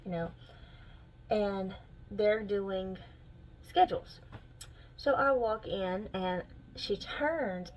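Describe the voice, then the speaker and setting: A young woman telling a story in a casual vlog, animated and exasperated, her pitch jumping as she talks. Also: a little hiss or hum, low-quality recording. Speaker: vlogger.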